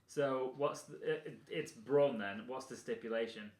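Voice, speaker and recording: A man co-hosting a casual podcast chat, animated and prone to restarting his sentences. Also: mid-range voice, unhurried. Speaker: podcast co-host. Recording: roomy echo.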